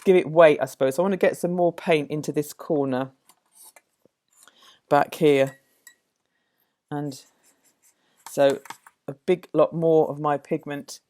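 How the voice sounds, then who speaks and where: A woman demonstrating a watercolour painting, musing aloud as she works, with many pauses and self-corrections. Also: low voice, fairly even intonation, dark tone. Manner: thoughtful, musing, full of fillers and self-corrections. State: slightly out of breath at times. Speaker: art teacher.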